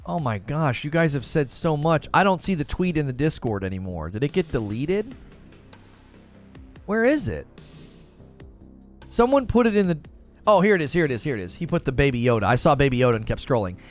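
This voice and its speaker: With big pitch swings and a quick pace, a slightly high-voiced American man in his thirties runs a relaxed live stream. He reads the chat out loud, laughs a lot, and keeps restarting sentences while faint music plays behind him.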